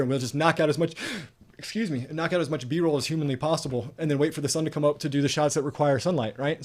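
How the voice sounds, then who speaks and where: Wry joking man, slightly high voice. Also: a little mellow. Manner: wry, joking, rambling storyteller. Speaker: co-host. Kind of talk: casual live-stream chat.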